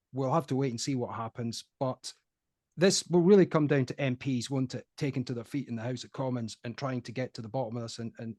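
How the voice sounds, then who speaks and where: A man's voice: medium pitch, darkish tone, no echo, clean studio sound. A man hosting a casual political chat, opinionated and conversational. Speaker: host.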